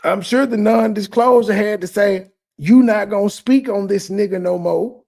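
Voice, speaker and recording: A man delivers reaction commentary in a blunt, mocking, insulting manner. His voice sits high and carries a gravelly fry. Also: moderate pace, dark tone. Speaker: commentary host.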